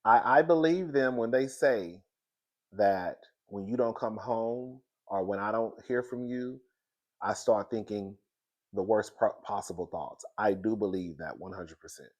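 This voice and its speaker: A man with a fairly low voice talks through a reality show recap in a loose, gossipy way, calling everyone "girl." His nose sounds stuffed up from crying. The delivery is relaxed and conversational. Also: measured pace, muffled recording. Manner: chatty, talks to listeners as "girl". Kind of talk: casual recap chat.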